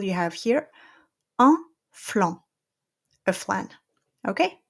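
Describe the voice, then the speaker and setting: Slow, patient woman with a French accent. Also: mid-range voice. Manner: patient, checks in with frequent "okay?". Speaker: French teacher. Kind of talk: pronunciation lesson.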